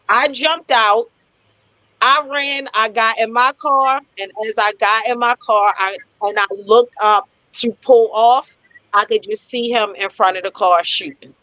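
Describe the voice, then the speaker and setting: A woman guest telling her story in a live interview, animated, blunt and profane. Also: a little high, dry recording, lo-fi sound.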